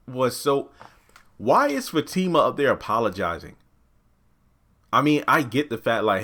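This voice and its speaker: A man's voice: lively intonation, fairly quick, fairly bright tone. A man giving a casual review of a TV episode, exasperated, ranting and swearing freely. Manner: jumps into quoted lines with raised pitch. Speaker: TV show reviewer.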